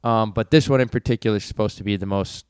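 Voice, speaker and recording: A man co-hosting a casual podcast, joking loosely and talking in quick bursts with plenty of fillers. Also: on the low side, darkish tone, clean tone, dry recording, studio quality. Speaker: podcast co-host. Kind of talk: casual chat. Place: indoor room.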